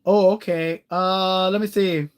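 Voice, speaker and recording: Male streamer, relaxed and rambling, talks straight to his chat. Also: high-pitched, slow, clean tone. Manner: chatty, rambling, greets viewers by name; warm-hearted, encouraging. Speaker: live streamer. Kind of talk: casual live-stream chat.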